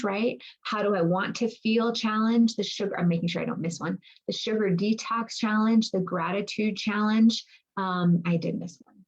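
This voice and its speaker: A woman's voice: mid-range voice, dull audio. A woman wellness coach talking casually to her group, reassuring and thinking aloud, often checking in with "right?". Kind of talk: casual online coaching talk.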